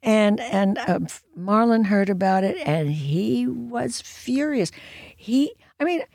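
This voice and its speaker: A woman in her nineties tells stories as an interview guest, wry and animated, often acting out what people said. Her voice rises and falls over a wide range and carries a gravelly edge. The sound is dry and close. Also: mid-range voice, takes it slowly, no room sound. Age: 90s. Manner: lively storyteller, acts out quotes, wry. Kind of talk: anecdotal interview storytelling.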